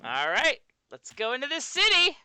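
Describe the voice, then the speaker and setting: A woman streamer chats her way through a live game session. Her voice is high and bright and swoops wildly up and down, and she sounds animated and giggly. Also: moderate pace. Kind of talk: live game-play commentary.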